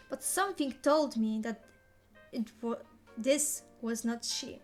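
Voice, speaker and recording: A woman's voice: a little high, takes it slowly, darkish tone, soft background music. A woman reading a novel aloud in the first person, playful and theatrical. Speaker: reader.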